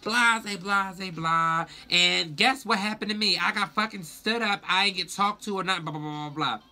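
A young man telling a storytime vlog in a sassy, profane, animated way. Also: sits high, normal speed. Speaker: vlogger.

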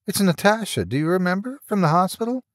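A woman's voice: fairly low pitch, big pitch swings, fast talker, no echo, studio quality, pitched above the performer's own voice. A man voicing a delighted young woman on a long-distance call, eager and pleading. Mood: excited.

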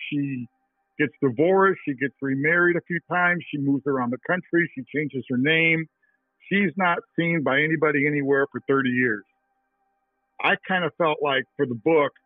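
A man's voice: fairly high pitch, no echo. A middle-aged reporter telling a story in an interview, acting out his phone calls as he goes. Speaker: TV reporter and author, interview guest. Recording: tinny phone-line sound.

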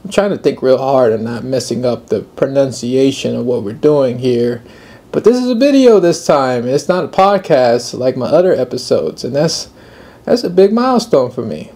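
A man's voice: medium pitch, expressive, moderate pace, dark tone. Upbeat young man hosting a podcast. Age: young adult. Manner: rambling, upbeat, laughs easily. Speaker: podcast host. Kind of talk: casual solo video podcast.

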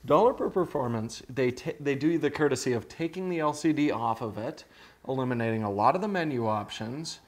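A man's voice: mid-range voice, lively intonation, brisk. A man, co-hosting with dry, wry humor. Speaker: co-host of camera gear show. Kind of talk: casual chat.

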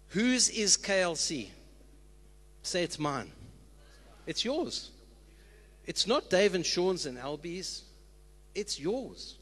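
A man's voice: sits high, a bit bright. A man, a church leader, exhorting the congregation earnestly with call-and-response lines. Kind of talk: sermon. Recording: long reverb of a church hall.

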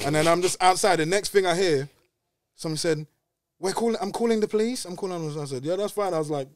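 Fast-talking young London man, slangy. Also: high-pitched, no echo. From West London. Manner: fast and slangy, says bruv constantly. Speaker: podcast guest. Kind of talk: casual storytelling chat.

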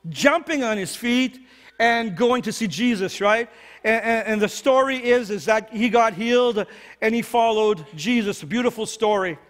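A man with a notably high voice preaches a sermon as pastor. He talks in an earnest, conversational way, often restarting his phrases. His voice rings out with a long church hall reverb. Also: fairly bright tone. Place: church sanctuary.

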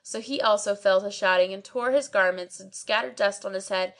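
A woman reading a classic tale aloud as an audiobook narrator. Her delivery is measured and steady, with a mid-range pitch, carrying archaic phrasing at an even storytelling pace. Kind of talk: scripted narration.

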